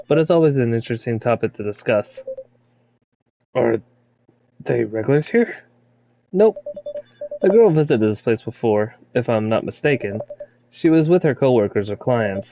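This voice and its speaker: A man's voice: medium pitch, dark tone, a little hiss or hum, poor audio. A man playing through a story game and reading every character's lines aloud, mostly in his own voice. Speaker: game player voicing the characters. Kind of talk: playthrough voice acting.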